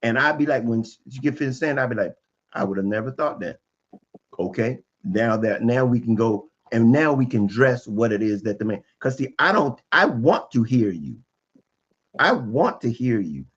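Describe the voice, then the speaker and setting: Man, guest expert, emphatic, repetitive, mid-pitched voice, slightly dull recording. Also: animated, moderate pace, fairly bright tone, slightly rough. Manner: repetitive, emphatic, explains by restating. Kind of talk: explanatory podcast talk.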